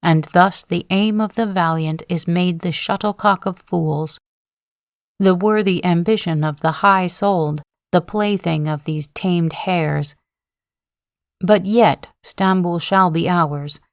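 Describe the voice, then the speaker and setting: A woman reading a proud male general who declaims his defiance in long, solemn oaths, voiced slowly in a lowish register. The delivery is dry and close, with no room sound, as befits a sleep-story audiobook. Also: no echo. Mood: impassioned. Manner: declamatory, impassioned oratory at a slow, even reading pace.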